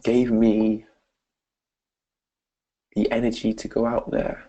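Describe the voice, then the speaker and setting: Here a man from Britain shares a heartfelt personal story straight to camera, often calling his audience "guys," in the style of a motivational speaker. His lowish, warm voice stays monotone at a slow pace, captured on a muffled recording.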